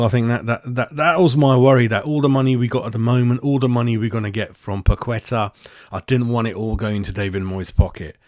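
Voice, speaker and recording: Man, football fan show host, live-stream chat, rambling, keeps saying mate, clears throat, dry close sound, a bit muffled. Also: lowish voice, no echo. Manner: rambling, chatty, answers viewer comments, calls everyone mate; clears his throat often.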